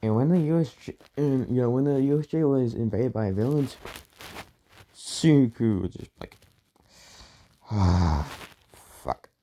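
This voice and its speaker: A man's voice: medium pitch, normal speed, dark tone. A man casually retelling a fan-made story, rambling with many fillers and restarts.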